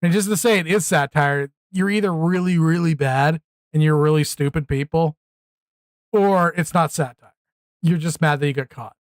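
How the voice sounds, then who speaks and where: A man's voice: fairly high pitch, normal speed, no room sound. A man hosting a live reaction stream, talking bluntly and exclaiming, often repeating himself when worked up. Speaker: streamer host.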